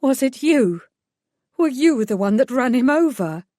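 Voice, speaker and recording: A woman's voice: animated, moderate pace, a little mellow, no room sound, studio quality, natural voice. A woman voicing a grieving, furious middle-aged mother who accuses and shrieks, in an audiobook. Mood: accusing. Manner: accusing, raw and shrill. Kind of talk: audiobook character voice.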